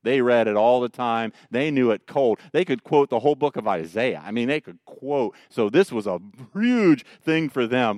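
A male pastor, preaching a sermon in an animated, joking way. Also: mid-range voice, normal speed, hardly any pauses, smooth, no echo, studio quality. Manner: animated, joking storyteller who mocks the Pharisees.

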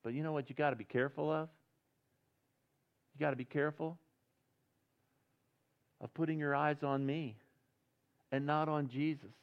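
A pastor preaching a sermon at a church service, talking earnestly and conversationally, then building to loud, passionate emphasis. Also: male voice, a little high, steady tone, moderate pace, pauses often. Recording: dull lo-fi recording.

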